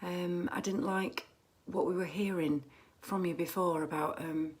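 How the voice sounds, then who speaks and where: A woman's voice: fairly low pitch, fairly even intonation, measured pace. Woman, casual livestream chat, phone camera, chatty, rambling, fillers and restarts, home. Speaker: musician hosting a fan livestream.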